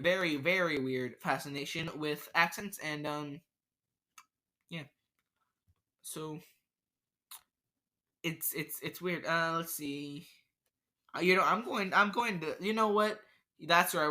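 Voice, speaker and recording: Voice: mid-range voice, measured pace, long pauses, pushed and bright. A podcast host, rambling through an unscripted solo rant, stammering and restarting sentences often.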